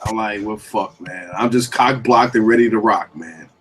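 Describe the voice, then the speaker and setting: Husky-voiced man swearing casually. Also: lowish voice, moderate pace, fairly bright tone. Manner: loose, profane, slangy. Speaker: collector in group chat. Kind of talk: casual chat.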